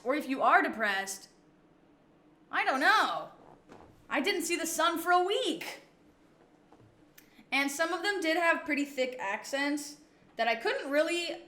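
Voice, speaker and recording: Woman streamer, casual and rambling, with a bright, slightly high voice. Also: echoey room. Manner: chatty, rambling reactions. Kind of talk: casual livestream chat.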